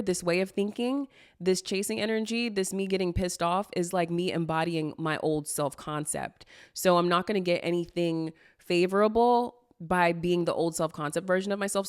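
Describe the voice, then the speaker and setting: A woman's voice: low voice, clear, resonant tone. A young adult woman coaching on manifestation in a casual question-and-answer talk, blunt and swearing freely, with lots of "like" fillers.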